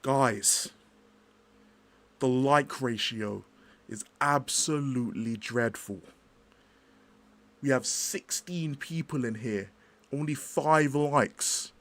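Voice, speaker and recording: This is a man impersonating a fellow male streamer who begs his audience for likes. He drags every word out slowly in a pleading, put-upon tone. The voice sits at an ordinary middle pitch. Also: fairly bright tone.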